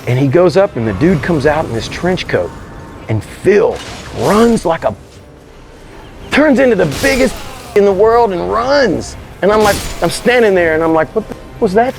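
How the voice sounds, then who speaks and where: A man telling a story as an interview guest, animated and slangy, swearing freely. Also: sits high, moderate pace, vocal fry, soft background music. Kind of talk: casual storytelling.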